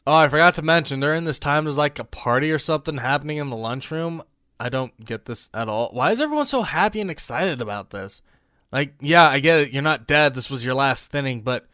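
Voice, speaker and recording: Young man, sarcastic movie reviewer, exasperated, slightly high voice, dry close recording. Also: clear, resonant tone, dry recording. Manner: exasperated, sarcastic, swings between loud outbursts and mumbled confusion. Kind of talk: comedic movie review narration.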